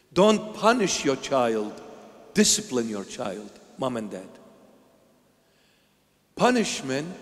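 Bishop, sermon, slow and playful delivery, slightly high male voice, reverberant church. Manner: playful, animated, acts out little scenes.

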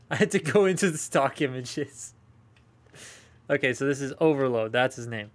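Young male streamer, loose rambling chat with viewers, mid-pitch voice. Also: lively intonation, unhurried. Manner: rambling and chatty, talking to live chat. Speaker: toy collector streaming a haul unboxing. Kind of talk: casual live unboxing chat.

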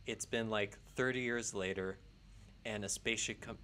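A man's voice: on the low side, fairly even intonation, moderate pace, bright, forceful tone, slight background noise. A man co-hosting a film podcast, riffing on jokes in casual chat. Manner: jokey, riffing. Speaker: podcast co-host.

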